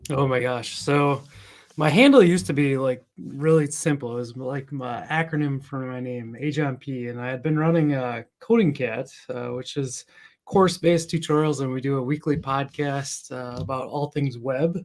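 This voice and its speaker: A man's voice: mid-range voice, moderate pace, a little mellow. A man as a guest on a livestream, chatty and telling stories casually. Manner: chatty, storytelling. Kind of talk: casual interview chat.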